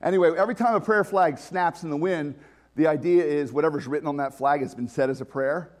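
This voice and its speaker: A man preaching a conversational sermon as pastor, animated and laughing often. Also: fairly high pitch, fast talker.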